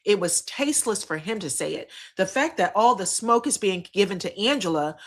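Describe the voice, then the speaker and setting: Host, female, bright tone, chatty, blunt and slangy, talks to live chat. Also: medium pitch, lively intonation, fairly quick. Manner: candid, slangy, repeats herself for emphasis. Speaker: reality TV commentary host. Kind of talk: casual live-stream recap with chat.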